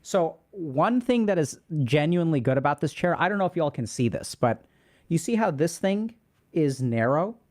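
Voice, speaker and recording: A man's voice: on the high side, very animated, normal speed, darkish tone. A man hosting a casual livestream, reading out and answering chat questions in a loose, rambling way.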